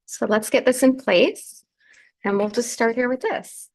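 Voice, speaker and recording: A woman's voice: on the high side, a little slow. A woman hosting a live crafting demonstration, chatting through each step as she works, with a groggy morning voice. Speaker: craft show host.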